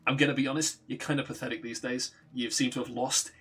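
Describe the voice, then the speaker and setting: A man's voice: medium pitch, level tone, fast, a bit bright, slightly rough. A man voicing a blunt, pushy male wanderer in a retold story, offhand and bossy.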